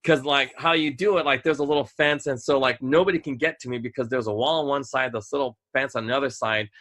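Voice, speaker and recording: Male podcast host, bright and forward tone, loose animated storytelling. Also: mid-range voice, fast talker. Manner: rambling, animated, acts out voices in quotes. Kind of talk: casual storytelling.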